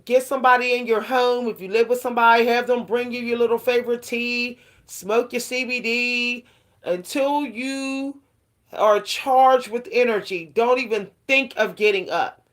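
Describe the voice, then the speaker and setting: A woman's voice: fairly high pitch, unhurried. A middle-aged woman vlogging casually about self-care, talking frankly and rambling with lots of fillers.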